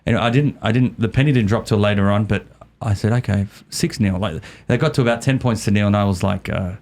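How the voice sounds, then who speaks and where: A man's voice: fairly low pitch, fast. A middle-aged man, a podcast guest, casually retelling a story and often repeating words as he goes. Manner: animated, repeats words while telling a story.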